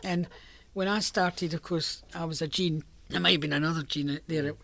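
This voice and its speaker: Speaking at a moderate pace with a steady tone, this older Scottish interviewee has a low, fairly bright voice with vocal fry. She chats about her working years in an oral history, telling stories and laughing frequently.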